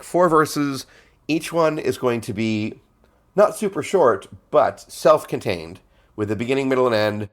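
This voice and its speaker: A male songwriter hosting a casual explainer, talking in a chatty way with frequent fillers and laughs. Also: medium pitch. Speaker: songwriter host.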